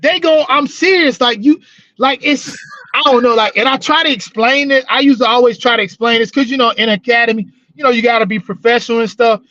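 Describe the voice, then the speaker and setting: High-voiced male co-host, rambling and profane, dry dull audio; casual storyteller, prison-work talk. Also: brisk, sharp tone, no room sound. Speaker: podcast co-host, former corrections officer. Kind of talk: casual chat.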